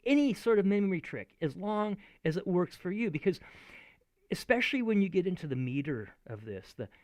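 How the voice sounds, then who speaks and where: A man teaching in a chatty, animated way, often laughing as he explains. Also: sits high, brisk, no room sound. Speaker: acting teacher. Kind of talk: video lesson.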